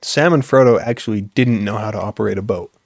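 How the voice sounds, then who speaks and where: A man's voice: on the low side, fast, gravelly, darkish tone, no room sound, studio quality. A young man hosting a podcast, rambling on earnestly in a casual chat, with many fillers. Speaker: podcast host.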